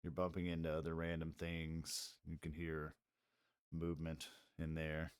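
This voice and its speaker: Low-voiced man running a tabletop game. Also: monotone, a little slow, clean tone, no echo, studio quality. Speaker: game master.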